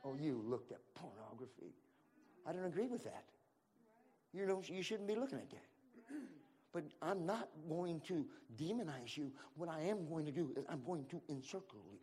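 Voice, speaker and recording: A male pastor from Central California preaching a sermon, calling out to the room and repeating his lines as he builds to shouts. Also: a little high, expressive, normal speed, breathy edge. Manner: calls to the room and repeats himself.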